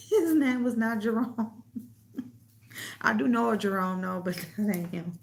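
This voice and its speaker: Gravelly woman, chatting casual, swears a lot, laughs thru her stories. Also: fairly high pitch, lively intonation, slow. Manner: loose storytelling, laughs often, swears freely, reads comments aloud. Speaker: host. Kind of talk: casual livestream chat.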